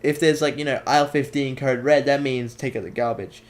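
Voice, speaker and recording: A man's voice: steady tone, fairly quick. A teenage boy, chatting and joking on a casual podcast. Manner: joking, jumpy pitch. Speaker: podcast host. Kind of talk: casual chat.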